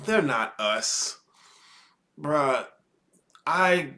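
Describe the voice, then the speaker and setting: A man hosts and comments in a slow, measured way. He pauses and sighs between his points. His voice sits in a middle register. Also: medium pitch, pushed and bright. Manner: slow, deliberate, sighing pauses. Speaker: host commenting on a podcast clip. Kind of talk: reflective commentary.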